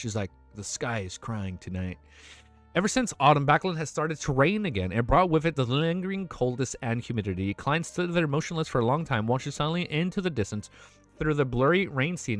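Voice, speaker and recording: Emotional young male streamer reading aloud. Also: mid-range voice. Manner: casual, swears, reacts emotionally between passages. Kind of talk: reading a novel aloud on a livestream.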